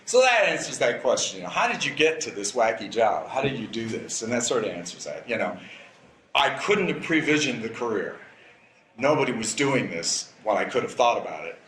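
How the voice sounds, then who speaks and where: A man's voice: medium pitch, brisk. Brief: older male presenter, chatty and wry, roomy hall sound, faint background hum. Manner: relaxed, chatty, wry asides. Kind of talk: live presentation talk. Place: event room. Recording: echoey room with faint ambience.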